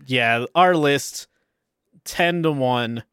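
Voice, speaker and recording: A man's voice: mid-range voice, extremely slow, a bit bright, smooth, dry recording, clean studio sound. A young man co-hosting a casual podcast chat, rambling and laughing often. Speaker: podcast co-host.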